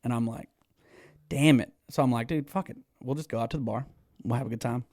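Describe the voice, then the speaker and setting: This is a man in his thirties, guesting on a podcast and telling stories with lots of energy. He curses casually and laughs often. His pitch sits at an ordinary middle height, and the recording is dry and close. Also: brisk, no echo. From Texas. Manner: animated, swears freely, laughs often. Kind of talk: casual storytelling.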